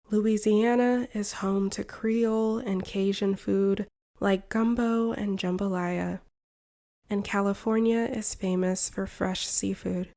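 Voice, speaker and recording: A woman from the United States narrating a slow, scripted English lesson for beginners in a clear, careful way. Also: mid-range voice, dark tone. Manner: clear, careful and evenly paced. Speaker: English teacher.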